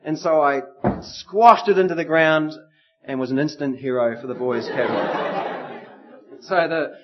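A middle-aged man preaching a sermon, telling stories with lively acted voices. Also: a little high, a little slow, crowd noise, noisy background. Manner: animated storytelling with acted voices. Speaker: pastor. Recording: slightly muffled lo-fi recording.

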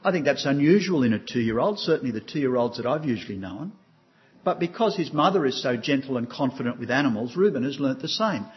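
Older male pastor, earnest sermon voice, mid pitch, muffled lo-fi sound. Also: animated, brisk. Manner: earnest, asks the congregation questions.

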